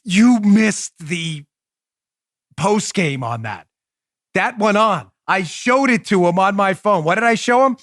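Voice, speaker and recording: An emphatic male podcast host talks into a close mic. His voice sits high and the sound is dry. He stays sarcastic and argumentative throughout. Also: expressive, slow pace, a bit bright, no room sound. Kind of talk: animated political commentary.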